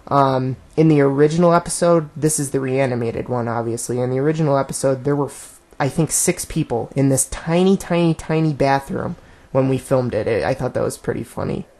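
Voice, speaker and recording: A man's voice: mid-range voice, brisk, darkish tone. A man giving a casual director's commentary in a rambling, laid-back, self-amused way. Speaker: director of a web series.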